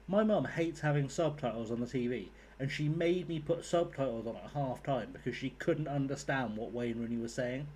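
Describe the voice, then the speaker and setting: A man's voice: mid-range voice, moderate pace, hardly any pauses, darkish tone, a little hiss or hum. Rambling, sweary man. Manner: rambling, sweary, chatty asides. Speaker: gaming YouTuber. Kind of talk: casual commentary while playing.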